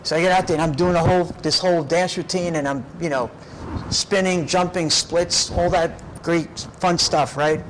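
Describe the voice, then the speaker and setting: A middle-aged man recounts his life story in an interview, with a fairly high voice for a man. He tells it in an animated, lively way and keeps checking in with a "right?". A faint hum sits behind him. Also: moderate pace, rough recording. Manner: animated storyteller, often tags lines with "right?". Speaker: documentary subject.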